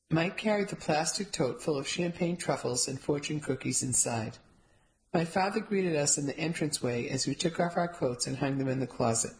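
A woman with a low voice narrating a novel in the first person. Her reading is steady and measured, and she shifts into other characters' lines as she goes. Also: rough recording. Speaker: audiobook narrator.

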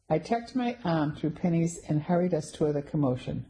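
A woman reads a first-person story aloud in a steady, scripted manner. Her voice is low and mellow, with a calm storytelling pace. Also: brisk, low-quality recording. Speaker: audiobook narrator.

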